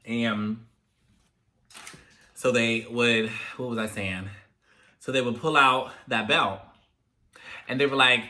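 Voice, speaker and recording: Chatty young man with a bright voice. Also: mid-range voice, slow, pauses often. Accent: African American English. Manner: chatty, animated when telling parent stories. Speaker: host. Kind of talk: casual chat, storytelling to viewers.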